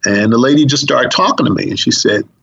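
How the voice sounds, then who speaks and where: A man's voice: brisk, gravelly, fairly bright tone, slightly rough. A middle-aged man, a police officer, telling a long story in an interview and acting out the voices of the people in it. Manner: acts out dialogue with big pitch jumps. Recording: dull lo-fi recording.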